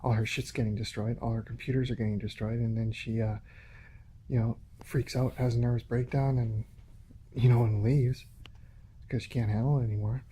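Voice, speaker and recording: Hesitant man with a dark voice. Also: medium pitch, fairly even intonation, a little hiss or hum. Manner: hesitant, full of pauses and restarts. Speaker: vlogger. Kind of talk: rambling phone monologue. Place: home in a shared residential building. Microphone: phone.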